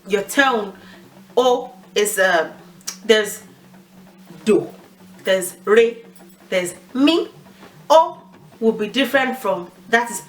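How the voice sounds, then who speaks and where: A woman giving a casual spoken language lesson, explaining informally and laughing at her own slips. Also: mid-range voice. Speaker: language teacher.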